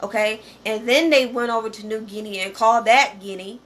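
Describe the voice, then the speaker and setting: A woman's voice: on the high side, fairly even intonation, fairly quick, a bit bright. A woman, talking casually and directly to her viewers, often checking in with "okay?". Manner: conversational, repeats "okay?" and "you know". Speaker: channel host.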